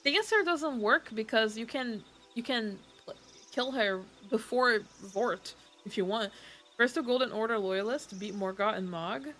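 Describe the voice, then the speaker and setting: A woman's voice: a little high, measured pace, fairly bright tone, soft background music. Giggly woman streamer. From Brazil. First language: Portuguese. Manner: giggly, laughs often. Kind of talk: casual chat.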